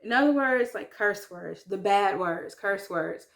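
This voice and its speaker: A woman's voice: mid-range voice, animated, creaky, fairly bright tone. Chatty woman learning French. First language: English. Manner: chatty, self-deprecating, many ums and likes, slow careful French words. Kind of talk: casual talk to camera.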